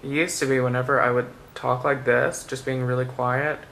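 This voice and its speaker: A soft-spoken man talks through a makeup tutorial, chatty and playful as he works. His middle-pitched voice carries a gravelly fry, and a faint hiss sits under the recording. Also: flat delivery, moderate pace. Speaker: makeup vlogger.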